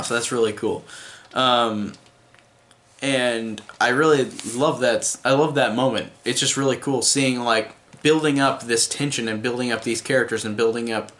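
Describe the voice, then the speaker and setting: A man's voice: medium pitch, a bit bright. A man giving a casual, rambling film review, full of fillers and restarts.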